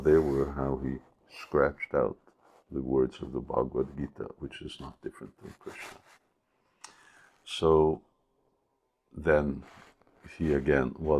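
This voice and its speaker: A man telling a devotional story as a spiritual teacher in a sermon, unhurried and hesitant, with many pauses. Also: a bass voice, gravelly, a little mellow, slightly rough.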